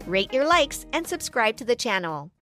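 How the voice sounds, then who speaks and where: Woman narrating a cartoon story, high bright voice, dramatic, soft music underneath. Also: sing-song, moderate pace. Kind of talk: scripted first-person narration.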